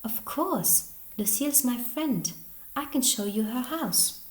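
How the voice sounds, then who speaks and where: Cheeky, fearless boy from centuries back, read by a woman; slow, roomy sound. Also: a little high, animated, voice pushed up. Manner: cheeky, brave. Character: bold, cheeky boy from long ago. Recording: roomy echo.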